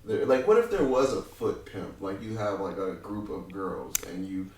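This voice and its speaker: A man's voice: fairly low pitch, animated, normal speed, darkish tone, far from the mic, a little hiss or hum. A man co-hosting a casual podcast, joking and laughing and teasing his partner. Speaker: co-host. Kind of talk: casual chat. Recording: roomy, off-mic.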